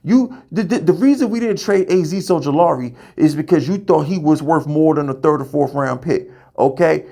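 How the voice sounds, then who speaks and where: A podcast host with a fairly high, gravelly, warm voice runs a fan show, talking at a normal speed with hardly any pauses. He rants heatedly and profanely, often stammering and repeating words as he fires off questions.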